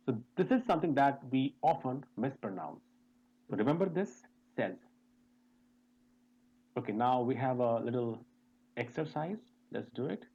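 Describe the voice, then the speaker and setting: A man teaching English pronunciation in an online lesson, speaking deliberately, repeating sounds and spelling words out letter by letter, and asking the class questions over a video call. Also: medium pitch, expressive, slightly rough, muffled recording.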